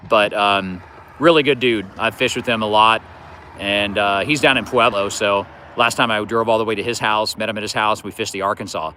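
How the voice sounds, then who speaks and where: A man's voice: fairly low pitch, bright, forceful tone. A man hosting a fishing livestream, chatting casually and rambling with lots of "you know" as he answers viewers' comments. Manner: easygoing, rambling, many fillers like "you know".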